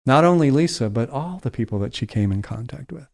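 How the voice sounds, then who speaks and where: A man telling a heartfelt story on a podcast, slowing and softening his voice at its emotional points. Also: mid-range voice, expressive, gravelly. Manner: slows down and softens for emotional moments.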